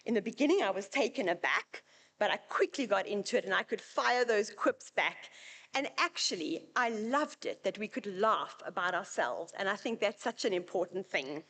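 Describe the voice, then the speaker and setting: A woman's voice: medium pitch, expressive, normal speed, a bit bright. A South African woman with a South African accent, giving a chatty, anecdotal conference presentation at a university event. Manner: chatty, anecdotal, lightly humorous.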